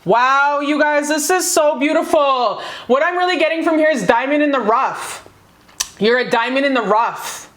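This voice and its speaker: A woman's voice: fairly high pitch, fairly bright tone, reverberant. Gushing, foul-mouthed woman reading tarot. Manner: gushing, profane, hyped-up. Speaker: tarot card reader. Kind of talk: casual pick-a-card tarot reading.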